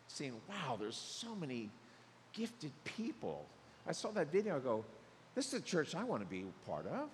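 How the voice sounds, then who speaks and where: Animated male pastor preaching in a hall. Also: sits high, slight background noise. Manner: animated, acts out voices of others. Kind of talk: sermon. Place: church sanctuary.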